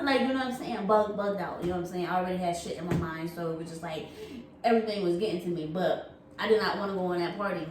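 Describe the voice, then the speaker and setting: A woman co-hosting a couple's channel, telling a story in a casual, animated, laughing way with lots of slang and swearing. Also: medium pitch, fast talker, slight background noise. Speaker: co-host. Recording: echoey room, far from the mic.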